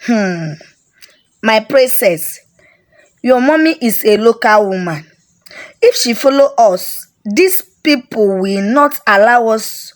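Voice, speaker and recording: A woman doing a cunning smooth-talking father. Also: on the high side. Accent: Nigerian. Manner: coaxing, sly reassurance.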